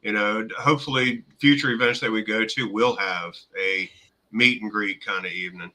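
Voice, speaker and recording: A man in casual livestream chat, halting and using many fillers. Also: fairly low pitch, fairly even intonation, bright, forceful tone.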